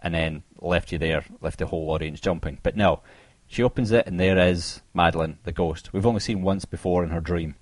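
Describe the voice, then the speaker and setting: Deep-voiced man retelling a film scene. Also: a little fast, few pauses, no room sound. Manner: animated retelling, swears freely. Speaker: podcast co-host. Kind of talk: casual horror film discussion.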